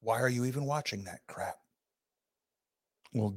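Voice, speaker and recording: A middle-aged man hosting an opinion talk show, folksy, preachy and emphatic, with big swings in pitch. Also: a little slow, pauses often. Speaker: host.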